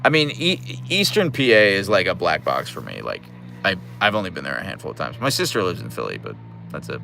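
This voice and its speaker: Gravelly low-voiced man chatting on stream. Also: wildly swooping pitch, a little fast, pushed and bright, soft background music. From Pittsburgh area, USA. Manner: chatty, teasing, dry jokes, answers chat messages. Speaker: livestream host reading chat. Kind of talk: casual livestream chat.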